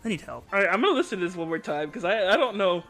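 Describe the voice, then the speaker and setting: High, lively excitable male streamer. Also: faint music behind. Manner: excitable, yelling at chat, quick mood swings. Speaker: VTuber streamer. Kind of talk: live gaming stream chat.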